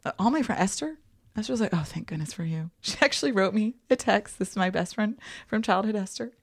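A woman's voice: medium pitch, fast, no echo, studio quality. A woman co-hosting a podcast in casual chat, talking in a chatty way with lots of fillers. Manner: chatty, lots of likes, laughs easily. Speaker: podcast co-host.

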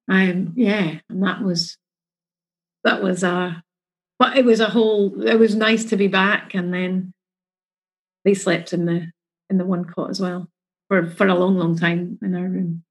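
A woman's voice: on the low side, steady tone, a little slow, breathy edge, rough recording. A middle-aged woman, chatting emotionally about her experiences as a mother and acting out the voices of the people in her story. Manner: chatty, emotional, acts out quotes. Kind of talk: casual storytelling.

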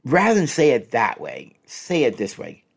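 A husky-voiced man talks like a counselor giving practical advice. His pitch swings widely as he acts out examples and repeats each one. He keeps a middle pitch and a coaching tone. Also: normal speed. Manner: animated, repeats each example phrase twice. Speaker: relationship counselor. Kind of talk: advice talk with spoken examples.

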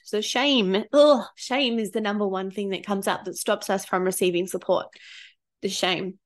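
A woman's voice: medium pitch, steady tone, normal speed. A woman in her thirties, a parenting coach telling personal stories in a casual, candid way, swearing freely and getting emotional. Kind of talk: casual storytelling vlog.

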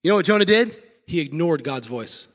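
Pastor guy giving a sermon, bright tense voice, repeats himself, gets loud sometimes. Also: on the high side, lively intonation, a little fast, in a large hall. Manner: emphatic, repetitive preaching with sudden loud bursts. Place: church sanctuary.

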